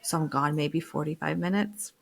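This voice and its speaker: A woman's voice: deep voice, normal speed, gravelly. A middle-aged woman co-hosting a podcast, telling a family story in casual chat, acting out quotes and swearing freely. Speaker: podcast co-host.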